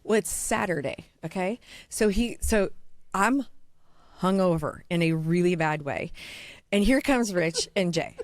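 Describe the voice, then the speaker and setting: A woman from Iowa, a diamond dealer, telling a story in casual podcast chat, blunt, profane and fast-talking. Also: fairly low pitch, animated, darkish tone, no echo, studio quality. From Iowa, USA.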